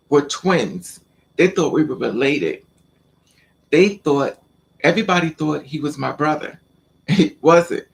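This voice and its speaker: Male vlogger, slightly high voice with a gravelly rasp, animated rambling storyteller, casual slang.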